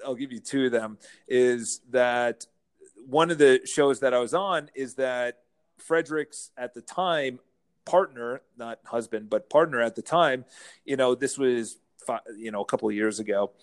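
A man, a real estate broker, telling stories as a guest in a casual interview, lively and laughing as he goes. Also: mid-range voice, a little slow, clean tone. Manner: animated, acts out quotes, laughs while telling stories.

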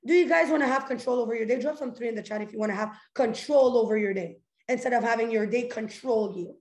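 A woman's voice: a little high, quick pace, a little mellow, echoey room. A woman hosting a live motivational call, talking energetically and directly, firing off rhetorical questions and breaking into laughter. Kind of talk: motivational talk to a live audience.

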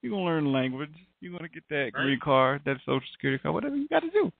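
A man's voice: fairly high pitch, big pitch swings, racing, gravelly, no echo. A man hosting a casual group chat, talking loosely and profanely and laughing often. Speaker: podcast host. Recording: tinny phone-like line, dry.

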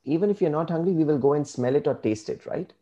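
A man speaking as an interview guest, earnest and measured, giving reflective advice. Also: fairly high pitch, dark tone, muffled recording.

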